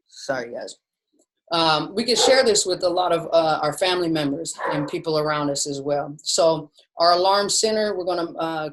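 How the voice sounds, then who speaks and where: A woman leads a mindfulness lesson from home over a video call. Her delivery is relaxed and conversational, and she keeps turning to her listeners as "you guys". She sounds like a friendly teacher explaining things plainly. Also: deep voice, background noise. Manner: casual and chatty, often says "you guys". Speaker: mindfulness instructor. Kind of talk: casual teaching in a webinar. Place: at home with her dog nearby. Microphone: video call setup.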